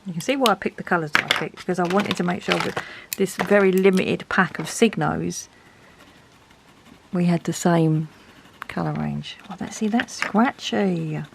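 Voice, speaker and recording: Chatty woman with a gravelly voice. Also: on the low side, moderate pace, noisy background. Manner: chatty, thinking aloud while testing. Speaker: art supply reviewer. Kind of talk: casual product review.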